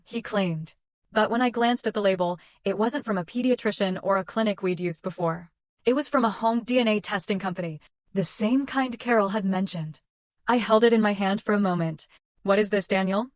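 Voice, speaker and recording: A young adult woman narrating a first-person story in a measured, clipped, dramatic way. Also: mid-range voice, no room sound.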